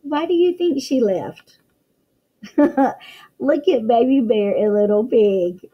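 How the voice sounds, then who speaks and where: A woman's voice: fairly high pitch, animated, slow, highs cut off. A woman teacher reading a picture book aloud to young children, full of exclamations and questions to the listener.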